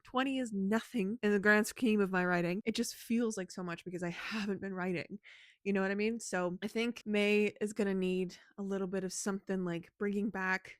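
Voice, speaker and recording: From her bedroom at home, a young woman vlogs in a casual, rambling chat, laughing often and now and then dropping to a whisper. She softly coos baby talk at her pet in a mid-range voice. The recording is clean studio sound with no room echo.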